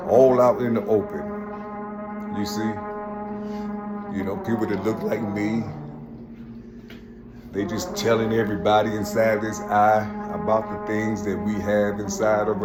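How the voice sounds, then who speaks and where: Low-voiced man preaching over loud music. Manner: repetitive, preachy, keeps saying "you see"; grows louder and more fervent. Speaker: vlogger. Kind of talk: rambling spiritual monologue. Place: home kitchen.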